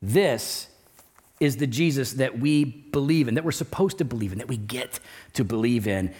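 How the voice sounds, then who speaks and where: A man preaching a sermon, emphatic and repetitive, often dropping his voice low and slow to stress a point. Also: lively intonation, a little mellow, husky. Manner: emphatic, repeats key phrases, drops low and slow for stress. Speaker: pastor.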